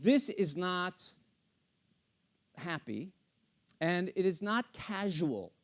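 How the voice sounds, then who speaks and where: Middle-aged male composer, lively, playful, acts out lines, fairly high voice. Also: extremely slow. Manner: animated, acts out lyrics and inner thoughts, swearing, playful. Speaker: composer coaching a singer. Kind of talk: live masterclass coaching. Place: theater stage with studio audience.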